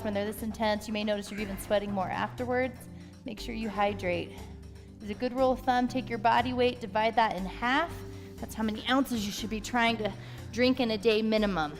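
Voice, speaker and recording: A woman's voice: a little high, long reverb tail. A woman leading a follow-along home workout, giving encouraging step-by-step cues. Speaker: fitness instructor.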